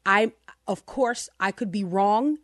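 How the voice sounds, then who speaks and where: A woman's voice: medium pitch, takes it slowly, dry recording. A woman hosts a Christian talk radio show, pressing her points with passion and feeling. Her voice sits in the middle of the range and sounds close and dry, with little room around it. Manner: passionate, emotional, emphatic.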